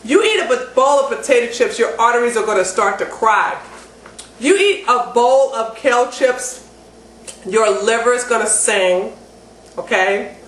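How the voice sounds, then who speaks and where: A woman giving a casual, enthusiastic cooking how-to demonstration at home, chatty and getting excited. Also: a little high, measured pace. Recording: roomy echo with faint background noise.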